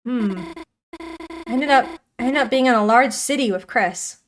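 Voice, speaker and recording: A woman voicing a shy, anxious teenage reindeer girl while reading game dialogue aloud, in a soft, hesitant manner. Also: a little high, measured pace, a little hiss or hum, lightly acted. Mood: uneasy.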